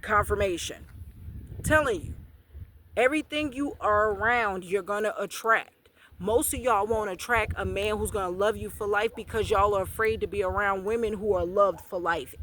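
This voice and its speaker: A middle-aged woman talks into a phone camera outdoors on a hiking trail, out of breath from the climb. Her delivery is blunt and preachy, full of slang and emphatic repetition. A steady hiss of outdoor noise sits under her voice. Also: mid-range voice. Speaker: spiritual channel host. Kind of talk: outdoor vlog, preachy spiritual advice.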